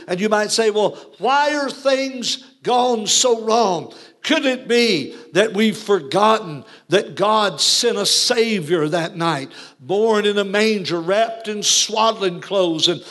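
A man's voice: high-pitched, fairly bright tone. A man preaching a Christmas sermon, quoting scripture and adding frequent amens as he addresses viewers. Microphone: broadcast to viewers.

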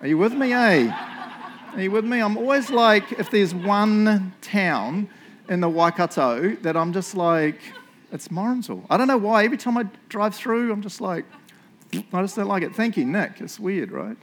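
A man's voice: sits high, animated, moderate pace, a bit bright, slight background noise. A man with a New Zealand accent preaching a sermon in a church, chatty and joking, often tagging lines with "eh?" and "right?". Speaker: pastor.

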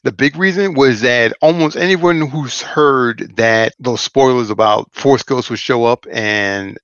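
A man's voice: medium pitch, unhurried, fairly bright tone, clean tone, no room sound, lo-fi sound. A man in casual podcast chat, blunt and swearing as he criticizes.

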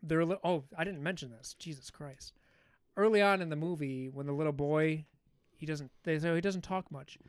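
A man's voice: a little high, steady tone, normal speed, clean tone, no echo, clean studio sound. A man co-hosting a podcast, casually recapping a film in a rambling, profane storytelling way. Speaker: podcast co-host. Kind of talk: casual movie recap chat.

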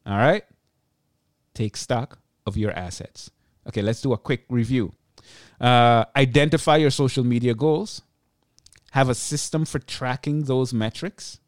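Man, podcast host, tired, chatty, mid-pitched voice, dry close sound. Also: measured pace, no room sound. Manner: energetic, chatty, self-deprecating asides. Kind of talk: solo podcast teaching. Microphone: close podcast mic.

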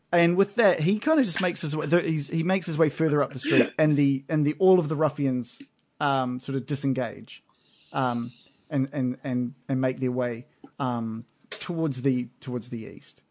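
A man's voice: medium pitch, normal speed, darkish tone. A man narrating a tabletop game as game master, loose and hesitant with many ums and restarts.

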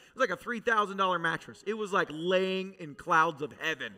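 A male pastor preaching a sermon to a congregation, telling a dramatic personal testimony that swings from loud urgency to hushed intensity. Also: high voice, brisk, few pauses. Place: church service with a congregation.

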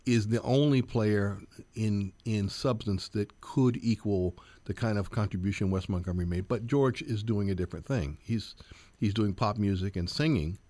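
A man's voice: lowish voice, normal speed, dark tone, no room sound. A man in his sixties, a jazz guitarist and professor, answering interview questions earnestly, with many fillers and repeats.

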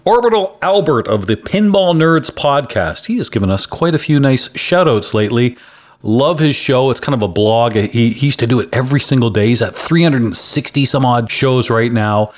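A man from Canada co-hosts a podcast in easygoing, jokey banter. His pitch sits in the middle but swings widely as he teases and ribs his partner, with an animated, playful delivery. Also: normal speed. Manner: teasing, jokey, laughs often. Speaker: podcast co-host.

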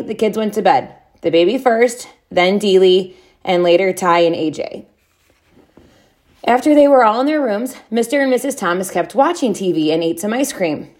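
Reading aloud from a children's chapter book, a woman stretches her words with expressive, storybook flair. Her voice falls at a medium pitch.

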